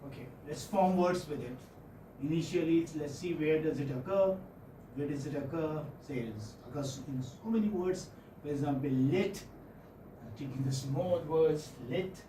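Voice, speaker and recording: A middle-aged man with an Indian English accent teaches a phonetics class, repeating words and coaxing his students with frequent check-ins. His voice is a little high and mellow at a normal speed, picked up by a distant mic in an echoey room with faint noise.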